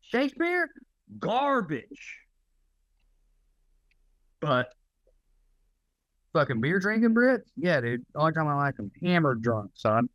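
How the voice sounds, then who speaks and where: A man's voice: fairly high pitch, expressive, normal speed, long pauses, a bit bright, dry recording, rough recording. A man co-hosting a podcast, ranting in casual, profane chat. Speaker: podcast co-host.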